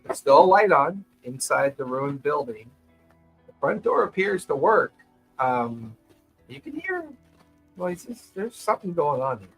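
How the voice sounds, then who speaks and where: A man narrating as game master in a tabletop game, describing scenes at an unhurried pace and chuckling often. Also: on the high side, sing-song, gravelly, a bit bright, breathy edge, soft background music, low-quality recording.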